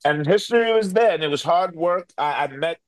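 Speaking at a fairly quick clip with a fairly high, animated voice, a middle-aged guest from New York rambles through a story full of restarts and fillers. He performs the voices of the people he quotes. A close mic keeps the recording dry.

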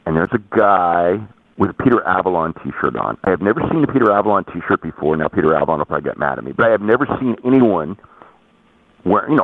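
A man telling a story in casual chat, rambling with halting restarts, heard over a tinny phone line. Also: deep voice, gravelly, husky, no room sound. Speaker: podcast guest.

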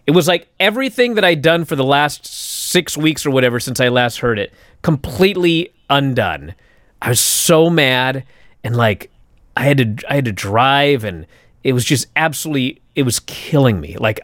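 A young adult man, co-host of a podcast, telling a story in casual chat, animated and swearing as he acts out his own thoughts. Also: medium pitch, no room sound, clean studio sound.

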